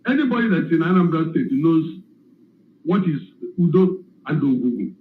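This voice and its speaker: An emotional man calling in, explaining slowly and emphatically. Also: fairly high pitch, sing-song, slight background noise. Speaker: caller. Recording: echoey phone line.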